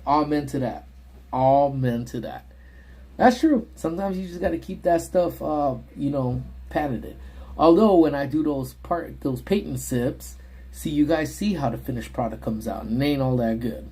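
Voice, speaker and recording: A man hosting a livestream from his parked car, casually telling a story to his chat and acting out the people in it with high yelps. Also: slightly rough. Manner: animated, voices quoted people in high yelps. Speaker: livestream host.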